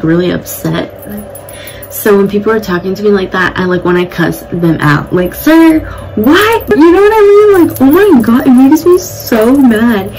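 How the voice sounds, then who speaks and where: A young woman talking through a casual makeup vlog in a plain mid-range voice. She is blunt and chatty and swears freely. Music plays clearly in the background. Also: medium pitch, darkish tone, rough recording. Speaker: beauty vlogger. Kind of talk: casual get-ready-with-me chat. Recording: music playing behind the voice.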